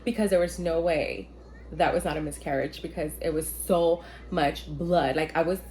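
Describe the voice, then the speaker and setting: A young woman vlogger tells a personal story while getting ready, chatty and full of "like," with the occasional swear word and acted-out quotes. Her deep, darkish voice is steady at a moderate pace, with slight background noise.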